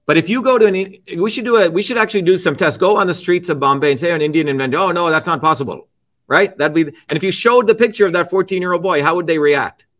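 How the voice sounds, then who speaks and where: A man's voice: high-pitched, fast talker, few pauses. A middle-aged man as an interview guest, lecturing emphatically, repeating his key phrases and checking in with "okay?" and "right?". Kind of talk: argumentative interview talk.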